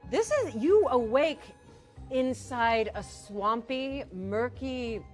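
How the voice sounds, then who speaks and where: A woman narrating a tabletop game as dungeon master, gentle and playful. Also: a little high, lively intonation, slow pace, soft background music.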